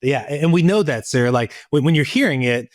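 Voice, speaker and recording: A man's voice: medium pitch, fast, dry recording, clean studio sound. A middle-aged man co-hosting a parenting podcast in casual chat, telling stories and acting out quotes. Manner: storytelling, acts out quotes with lively voices. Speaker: podcast co-host and parenting coach.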